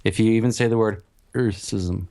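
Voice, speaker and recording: A man co-hosting a casual sibling podcast, riffing deadpan jokes and fumbling through sign-offs with fillers. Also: fairly low pitch. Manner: deadpan riffing, halting wrap-ups. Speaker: podcast co-host. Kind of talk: casual chat.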